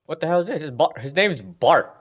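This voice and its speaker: A man streaming gameplay, reacting out loud with quick exclamations as he plays. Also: fairly high pitch, husky. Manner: excitable, exclaiming at the game. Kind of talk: live gameplay commentary.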